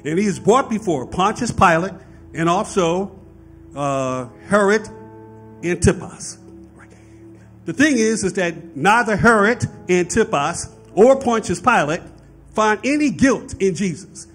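Male pastor, sermon, high voice, very lively swinging delivery, faint music behind. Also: a little slow. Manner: preaching with rising fervor, frequent "right?" asides.

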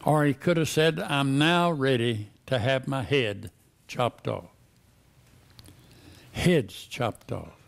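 Man, pastor, slow emphatic sermon, gravelly voice. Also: medium pitch. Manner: slow, emphatic preaching with repeated questions.

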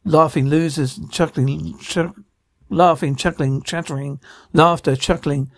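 A man's voice: fairly high pitch, steady tone, measured pace, creaky, no room sound, studio quality. A man reading every part of a drama aloud, sound cues included, with slips and restarts. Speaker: radio show reader voicing a TV drama.

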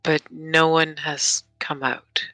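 A woman's voice: deep voice, little pitch movement, slow, bright, forceful tone, dry recording. A woman playing a tabletop game, speaking hesitantly and thinking aloud. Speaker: player.

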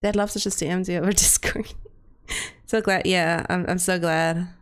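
A woman streaming a game and chatting casually with friends, giggly and playful, often breaking into squeaky silly voices. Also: steady tone, normal speed, faint music behind. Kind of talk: casual gameplay chat with friends.

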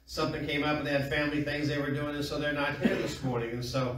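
Middle-aged guy preaching casual and folksy, bright voice, far off in a very echoey room. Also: a little high, little pitch movement, fast talker. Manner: folksy storytelling with congregation call-and-response. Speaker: pastor. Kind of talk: sermon. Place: small church room.

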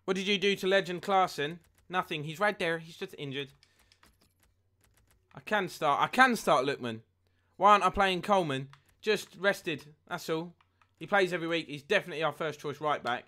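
Young man, game streamer, bright tense voice, slightly high, keyboard typing behind. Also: normal speed. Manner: chatty, reads chat aloud, excitable at goals. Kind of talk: live gameplay commentary and chat.

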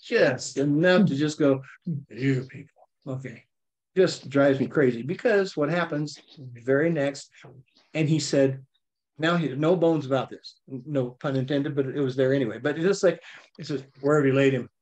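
A man leading a casual Bible study, reading verses aloud and explaining them with lively, animated asides. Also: a little high, normal speed. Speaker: Bible teacher. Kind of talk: conversational Bible study teaching.

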